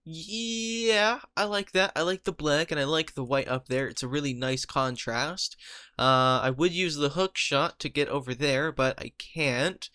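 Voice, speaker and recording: A man giving casual commentary over his own gameplay, thinking out loud about his build and laughing easily. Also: medium pitch, smooth, dry recording. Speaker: Minecraft let's player.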